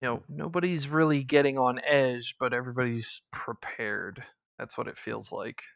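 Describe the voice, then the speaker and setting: A man narrates a tabletop session as game master, talking loosely with plenty of fillers. His voice is bright and crisp, recorded close and dry with no room sound. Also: medium pitch, fairly even intonation, moderate pace, no room sound. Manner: casual, filler-heavy explaining.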